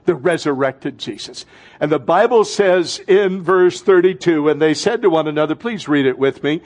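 A man preaching a fervent sermon as pastor, swinging between loud, urgent lines and hushed ones. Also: a little high, expressive, normal speed.

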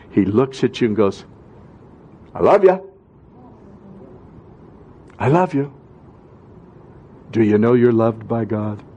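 Husky preaching man, lively swings. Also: mid-range voice, highs cut off. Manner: preaching with rising emphatic calls and quiet drops. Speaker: pastor. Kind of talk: sermon.

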